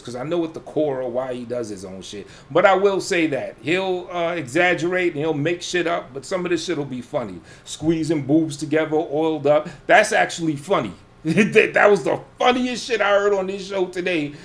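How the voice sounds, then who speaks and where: A man's voice: on the high side, animated, normal speed. A man in casual radio chat, profane and self-assured, defending himself and brushing off a rival's roast. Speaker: guest under roast.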